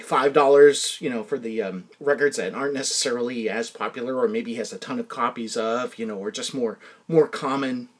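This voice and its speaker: A man hosting a solo podcast, telling rambling, self-deprecating stories with frequent restarts and quiet muttered asides. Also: mid-range voice. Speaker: podcast host.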